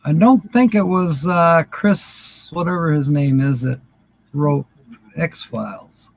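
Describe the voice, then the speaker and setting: During a word game on his livestream, an older host chats casually, frequently chuckling as he reads viewers' names aloud. He speaks slowly in a voice on the high side with vocal fry, captured in a dry, rough recording.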